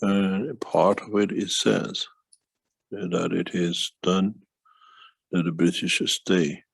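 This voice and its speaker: A man speaking as a guest in a casual conversation, slow and rambling, sometimes dropping plural endings. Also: deep voice, flat delivery, gravelly, breathy edge, no room sound, low-quality recording.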